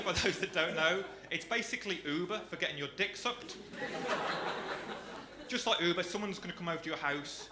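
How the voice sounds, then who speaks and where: A young man with a Birmingham accent doing a stand-up comedy set, delivering dry, deadpan punchlines on a comedy club stage. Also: fairly high pitch. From Birmingham area, England. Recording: echoey club with audience noise.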